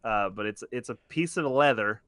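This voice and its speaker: A man's voice: medium pitch, animated, moderate pace, fairly bright tone, no echo. A man co-hosting a podcast, casually recapping a cartoon episode in a rambling, explaining way. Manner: rambling, restarts, detailed explainer. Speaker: podcast co-host.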